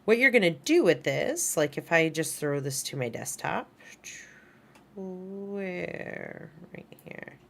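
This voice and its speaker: Casting: woman instructor, low voice, casual and chatty, talking students through a screen share. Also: very animated, moderate pace, hardly any pauses, a bit bright, a little hiss or hum. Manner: chatty, informal, talks to students in chat. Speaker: animation instructor. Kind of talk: online class screen-share walkthrough.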